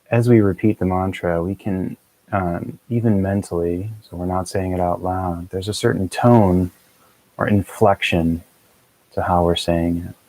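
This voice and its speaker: A man with a very low voice leads a guided meditation, calm and measured. His delivery stays flat and even, with little rise or fall. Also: low-quality recording. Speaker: meditation teacher.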